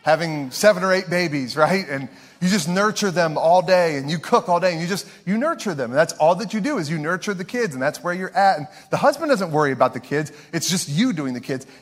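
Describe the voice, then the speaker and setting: A man's voice: a little high, expressive, a little fast. A male pastor from Ohio preaching a sermon in an earnest, emphatic way, repeating his key phrases.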